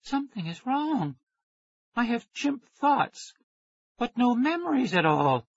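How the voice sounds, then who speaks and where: A scratchy, high-pitched boy who is half chimp, hooting between anxious words, as a man reads him in a storybook. The voice swings up and down and has a husky edge. The recording is dry and a little dull. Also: sing-song, slow, dry recording, heavily acted. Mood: urgent. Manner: breaks into hooting chimp sounds.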